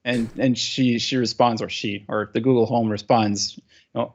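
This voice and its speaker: A man's voice: mid-range voice, steady tone, moderate pace, highs cut off. A man with a French Canadian accent, a native French speaker, telling stories as a guest on a video call. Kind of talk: casual interview chat.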